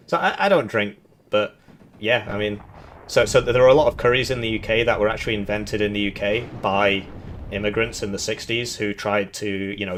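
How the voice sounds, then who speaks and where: A man's voice: on the low side, fairly bright tone. A man from the United Kingdom giving casual, rambling commentary on a strategy game tournament, chuckling often and answering chat questions.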